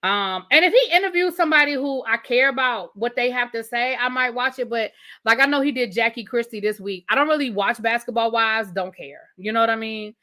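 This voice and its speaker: A woman in talks through her opinions on TV shows for a live audience. Her voice is bright and sits a little high. She rambles and restarts, then circles back to hedge what she thinks. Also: brisk. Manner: chatty and opinionated, with frequent restarts and repeated hedges. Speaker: show reviewer and livestream host. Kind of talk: casual livestream commentary.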